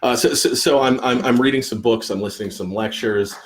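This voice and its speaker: A man's voice: mid-range voice, fairly quick. A man, an author hosting a live Q&A stream, chatting casually and rambling with many restarts and fillers. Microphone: computer or phone mic on a live stream.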